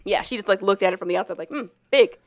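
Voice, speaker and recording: A woman's voice: medium pitch, flat delivery, rapid-fire, no echo. A woman in casual chat, animatedly retelling a story and swearing freely.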